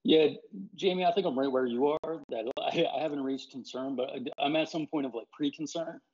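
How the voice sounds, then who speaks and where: Halting male sports reporter, muffled audio. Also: on the high side, a little mellow, husky. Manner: halting, many fillers and restarts. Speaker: baseball reporter. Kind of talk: casual sports chat.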